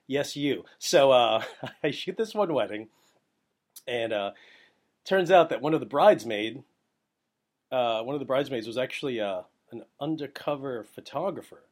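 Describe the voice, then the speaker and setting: On his podcast about photography, this medium-pitched host talks loosely and energetically, wandering off topic and briefly imitating other people's voices.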